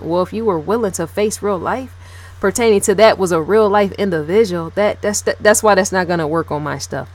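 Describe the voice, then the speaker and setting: A woman with a lowish voice gives blunt commentary straight to camera. She is emphatic and repeats herself, and she swears freely. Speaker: video blogger. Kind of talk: casual opinionated commentary to camera.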